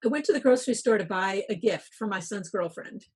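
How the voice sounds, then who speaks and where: A woman's voice: mid-range voice, animated, brisk, breathy edge. A middle-aged woman, a workplace wellness speaker, giving advice and telling stories as a guest in a podcast interview. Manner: storytelling, coaching tone.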